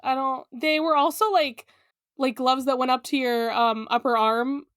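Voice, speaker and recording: A woman's voice: high voice, fairly even intonation, normal speed, fairly bright tone, dry recording, studio quality. A woman co-hosting a podcast episode recap in casual, giggly chat full of fillers. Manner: chatty, giggly, lots of fillers. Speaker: podcast co-host.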